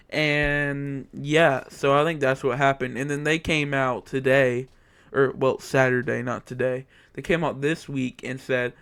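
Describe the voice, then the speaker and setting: A man's voice: medium pitch, fairly even intonation, unhurried, a bit bright, clean tone, no room sound. A young man giving a heated, repetitive opinion monologue about his football team as a channel host. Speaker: sports commentator. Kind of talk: casual sports opinion monologue.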